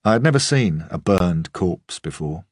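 A man narrating a crime audiobook in the first person, measured and grave, with a husky voice. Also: low-pitched, animated, no echo, clean studio sound. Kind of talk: scripted narration.

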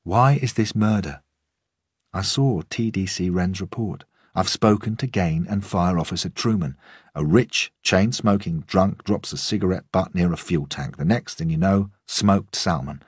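A man's voice: deep voice, measured pace, husky, no echo, clean studio sound. A man voicing a tough, fiery policewoman boss. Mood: brusque. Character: tough, angry female detective boss. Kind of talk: audiobook dialogue.

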